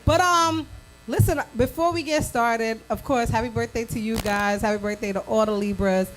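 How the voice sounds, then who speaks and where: High-voiced woman hyping a live crowd. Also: normal speed, slight background noise, rough recording. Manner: loud, hyped shout-outs to the crowd. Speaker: co-host of a live show. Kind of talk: casual live show banter. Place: bar or lounge venue with a live audience. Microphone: handheld mic through a PA.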